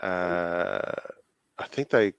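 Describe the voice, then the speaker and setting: A man with an Australian accent co-hosting a podcast, explaining things in an easygoing, halting way. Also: sits low, wildly swooping pitch, gravelly, smooth, no room sound, highs cut off. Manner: easygoing, laughs often, halting. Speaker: podcast co-host. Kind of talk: casual chat.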